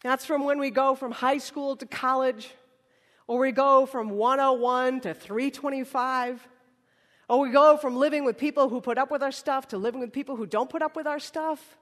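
A woman's voice: sits high, steady tone, moderate pace. A woman preacher giving a conversational, humorous sermon, acting out little dialogues, in a large worship hall. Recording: reverberant hall.

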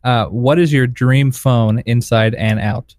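A man's voice: medium pitch, steady tone, takes it slowly, darkish tone, no echo, clean studio sound. A man hosting a casual podcast chat, blunt and profane as he puts the questions.

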